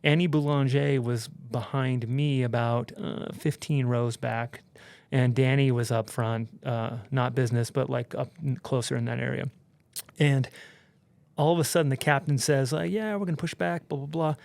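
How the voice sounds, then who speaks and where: A man, a podcast guest, telling a story in an animated, casual way, with lots of swearing and fillers. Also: mid-range voice, moderate pace, creaky, no room sound. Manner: animated, profane, heavy use of "like".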